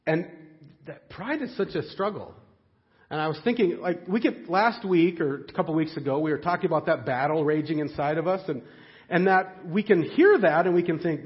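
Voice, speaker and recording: A man preaching a sermon in a conversational, animated way, with frequent fillers and restarts. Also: a little high, moderate pace, muffled recording. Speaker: pastor.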